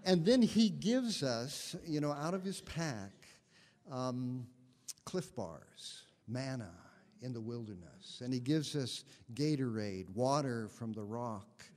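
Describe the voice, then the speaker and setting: A man preaching as a guest minister, telling a story with gentle humor. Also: medium pitch, animated, slow pace, in a large hall. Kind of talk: sermon. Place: congregation sanctuary.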